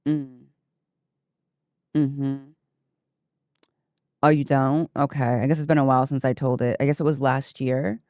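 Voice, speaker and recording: Animated woman streamer, dry close sound. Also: very deep voice, measured pace, pauses often, no room sound. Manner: animated storytelling with laughs and asides to chat. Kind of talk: casual chat with stream viewers.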